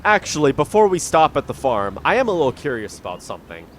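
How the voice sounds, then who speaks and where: A young man narrates his farming game play in a loose, chatty way. His voice sits a bit high and swings up and down a lot. He thinks aloud, trails off and restarts as he goes, speaking into a desk mic at home. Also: sing-song, fast talker, slight background noise. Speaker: gaming YouTuber. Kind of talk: casual let's-play commentary.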